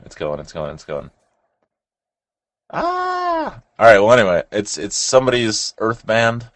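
Deep-voiced rambling young man. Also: dry recording. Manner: rambling, swears casually, animated laughs. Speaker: co-host. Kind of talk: casual chat.

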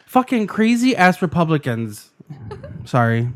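A man's voice: high voice, sing-song, a little slow. A man co-hosting a podcast in casual, bawdy banter, laughing often. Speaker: podcast co-host.

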